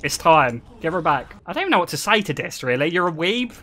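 A young man chatting on his stream, crude and joking and always breaking into laughter. His voice is bright and swings up and down a lot. He talks in a loose, casual way. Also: fairly high pitch, very animated, fast.

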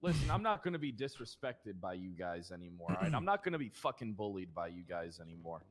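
A man's voice: deep voice, big pitch swings, quick pace. A young man in improvised game roleplay, playing a sheriff with brash, profane, mock-aggressive ranting.

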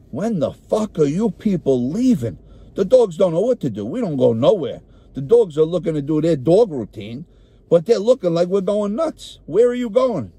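A man's voice: on the high side, dark tone, dry recording. A man with a New York accent doing a comic, profane rant to camera, sounding exasperated.

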